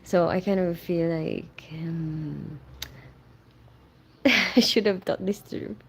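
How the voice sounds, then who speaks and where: A woman's voice: on the low side, slow pace, vocal fry, slightly rough. Female livestream host: chatty and friendly, greets viewers by name, reads comments aloud, loose and unscripted. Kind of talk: casual live chat, reading viewer comments aloud.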